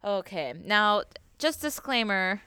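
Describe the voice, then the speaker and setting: A woman's voice: mid-range voice, big pitch swings, takes it slowly, sharp tone, clean tone, no echo. A young American woman co-hosting a podcast, chatting casually and rambling with lots of fillers and giggles. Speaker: podcast co-host.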